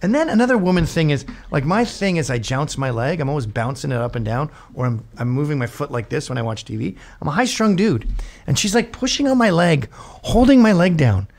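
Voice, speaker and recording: A man's voice: a little high, a little fast. A man in his fifties, a show host, telling a comedic story with lots of swearing and acted-out quotes. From Britain. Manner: profane, animated, acts out quotes.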